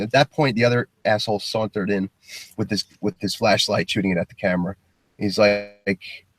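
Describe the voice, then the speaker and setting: A man's voice: on the low side, normal speed, no room sound. A man casually telling a story, acting out both sides of the exchange and swearing freely. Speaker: caller recounting a police stop.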